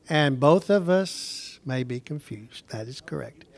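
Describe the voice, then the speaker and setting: A man's voice: mid-range voice, animated, measured pace, creaky, hardly any pauses, no room sound. A middle-aged man teaching a Bible lesson in a conversational, digressive way, often putting questions to his class.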